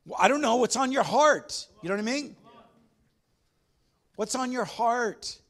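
A man's voice: high voice, animated, a little slow, pauses often. A man preaching a sermon as pastor, emphatic, repeating his phrases and putting questions to the congregation.

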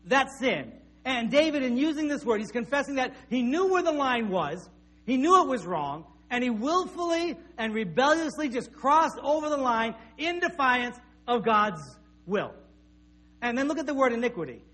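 A middle-aged pastor delivering a sermon in an easy, conversational way. His voice sits high for a man, and he often circles back with small restarts as he tells homely stories. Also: animated, normal speed, fairly bright tone. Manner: conversational, anecdotal, with repeated restarts.

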